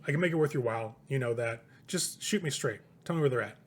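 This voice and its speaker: A man's voice: mid-range voice, fast talker, close to an everyday voice. A man voicing a curt, impatient male businessman vampire with a German accent. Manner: curt, clipped, threatening.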